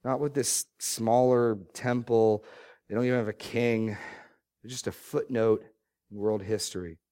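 A man's voice: mid-range voice, steady tone, dark tone. Emphatic preaching man. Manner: preaching with rising emphatic bursts on scripture; hurried asides to the congregation. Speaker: pastor. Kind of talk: sermon.

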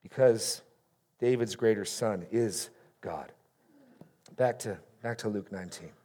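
A man's voice: lowish voice, measured pace, warm tone. A man preaching a sermon in church, reading scripture with rising emphasis on key phrases. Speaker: pastor.

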